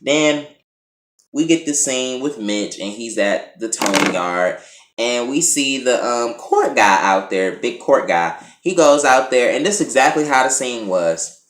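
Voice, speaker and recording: A man at a middling pitch recaps a TV episode in loose, slangy talk. He acts out the characters' lines as he tells it. His voice rings with a roomy echo. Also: animated, unhurried, fairly bright tone. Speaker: TV show reviewer.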